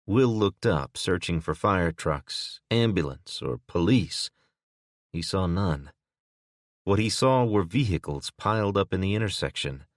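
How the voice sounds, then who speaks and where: A man narrating an audiobook in a steady, even manner. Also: deep voice, measured pace, no echo, studio quality. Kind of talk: scripted narration.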